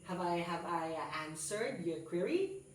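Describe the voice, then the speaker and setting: Woman teacher, lively swinging voice, unhurried, echoey classroom heard from a distance. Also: fairly low pitch, slight background noise. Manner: animated, coaxing questions to students. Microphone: far camera.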